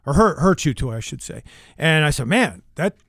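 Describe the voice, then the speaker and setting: A man filling in as co-host on a radio show, telling wry little stories in a relaxed, casual way. His voice sits a bit higher than most men's. The studio sound is dry and close. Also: a little fast, creaky, no room sound. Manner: storytelling, wry.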